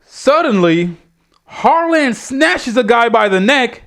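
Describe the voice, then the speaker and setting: Man, high voice, wrestling reviewer, profane rant, blunt and exasperated. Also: sing-song, slow pace, fairly bright tone. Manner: blunt, exasperated, swears constantly.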